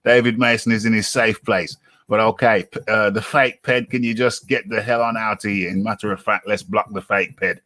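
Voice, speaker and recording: A man's voice: fairly low pitch, steady tone, normal speed, bright, forceful tone, dry recording. A man hosting a live-streamed talk show, chatting casually and laughing often. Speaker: host.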